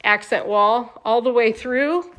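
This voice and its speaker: Her voice a little high, slow, and fairly bright, a home sales host walks viewers through a manufactured home. She's chatty and upbeat, addressing them directly, though tiredness from a long day shows.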